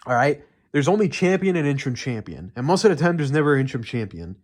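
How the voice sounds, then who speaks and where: A man's voice: medium pitch, very animated, fast, a little mellow. A young man ranting heatedly and profanely in unscripted commentary, rambling with many fillers. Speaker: MMA commentary YouTuber.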